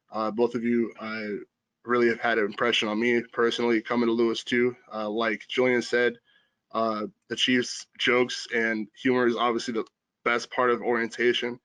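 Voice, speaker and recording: A man's voice: mid-range voice, fairly bright tone, no room sound, rough recording. Earnest young male student host, dry sound. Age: young adult. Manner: earnest, polite, formal introductions. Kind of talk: hosted panel talk. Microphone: video call.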